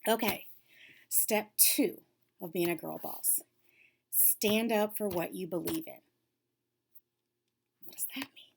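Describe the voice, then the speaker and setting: Woman facilitator, encouraging coach to young girls, whispers for emphasis, slight vocal fry. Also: mid-range voice, slow, pauses often, slight background noise. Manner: warm, upbeat, coaching, drops to whispers for emphasis. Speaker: lead facilitator for girls' self-esteem class.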